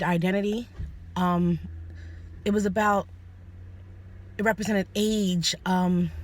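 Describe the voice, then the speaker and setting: A young woman with a fairly low, darkish voice talks earnestly to camera in a personal vlog, sharing her opinions. She's hesitant, often restarting and apologizing.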